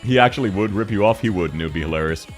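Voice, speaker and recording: A man's voice: fairly low pitch, racing, soft background music. An Australian man streaming and chatting casually, joking and laughing often with crude banter. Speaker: game streamer. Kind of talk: casual livestream chat.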